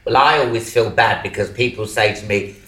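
A man's voice: fairly low pitch, brisk, sharp tone, reverberant, low-quality recording. A man from Northampton, joking around in casual chat. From Northampton, England. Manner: playful, jokey.

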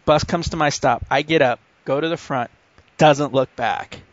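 A man hosting a casual podcast, telling an animated story full of acted-out quotes and swearing. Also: on the high side, moderate pace, no echo, highs cut off. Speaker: podcast host.

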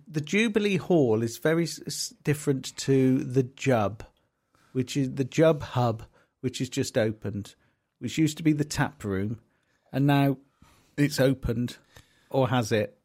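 A man's voice: medium pitch, darkish tone. A man co-hosting a comedy podcast, rambling and jokey, with plenty of swearing. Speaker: podcast co-host. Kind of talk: casual banter.

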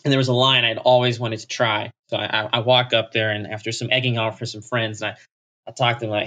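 A man from Texas spins a self-mocking story as a podcast guest. His voice is bright and forceful, with a middle pitch. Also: flat delivery, fast talker. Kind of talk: casual chat.

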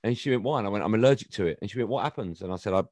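A middle-aged English man chatting on a podcast, telling stories with a teasing, animated manner. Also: on the low side, racing, dry recording. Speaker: guest. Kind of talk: casual podcast chat.

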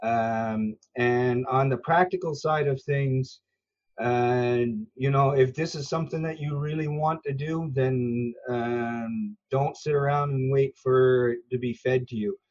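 A man's voice: medium pitch, unhurried, a little mellow, lo-fi sound. A man from Newfoundland, Canada, answering interview questions with patient, teacherly explanations and frequent hesitations. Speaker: interview guest, language learner. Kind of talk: earnest conversational explanation.

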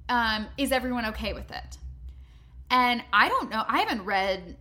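A young woman co-hosting a casual chat, telling a story in an animated, self-deprecating way and swearing casually. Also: on the high side, normal speed. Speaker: podcast co-host, stage performer.

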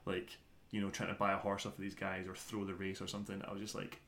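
A man's voice: low-pitched, completely flat delivery, fast talker, a bit bright, a little hiss or hum. Sweary ranting man in casual chat.

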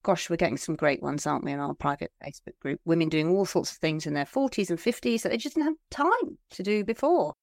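A middle-aged woman co-hosting a chatty podcast, her voice sitting on the low side. She is playful and pokes fun at herself, and the recording is close and dry with no room sound. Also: expressive, fast talker, vocal fry, few pauses, a little mellow, dry recording. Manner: playful and self-deprecating. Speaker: podcast co-host. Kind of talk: casual chat.

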